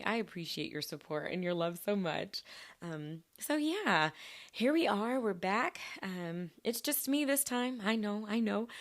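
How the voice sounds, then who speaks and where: A woman's voice: medium pitch, fairly bright tone. A young woman hosting a solo podcast, chatting in a bubbly, upbeat way and laughing often. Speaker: podcast host. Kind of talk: casual solo podcast chat.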